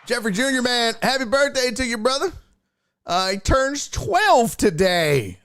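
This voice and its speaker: A man's voice: very high voice, expressive, measured pace, fairly bright tone, no echo, clean studio sound. A man hosting a casual sports and entertainment livestream, telling jokey stories and reading viewer chat aloud. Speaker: sports and entertainment show host.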